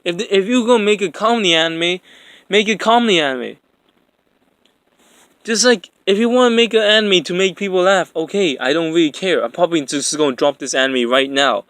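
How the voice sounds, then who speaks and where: Young male vlogger, high voice, dry close recording, rambling exasperated profane rant. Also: a little fast, a bit bright, clean tone, no room sound. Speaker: anime commentator. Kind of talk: ranting commentary.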